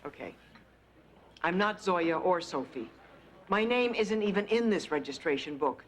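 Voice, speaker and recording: A woman's voice: fairly low pitch, animated, a little slow. An actress playing an outspoken, sardonic woman journalist in her forties, speechifying with defiance in a sitcom. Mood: defiant. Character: brash outspoken woman journalist, mid-40s. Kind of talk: sitcom acting. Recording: studio audience laughter, noisy.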